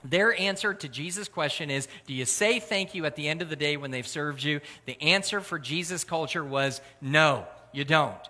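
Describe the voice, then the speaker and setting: A man preaching a sermon in a relaxed, conversational way, with lively emphasis. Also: a little high, moderate pace, few pauses. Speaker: pastor. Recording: long hall reverb.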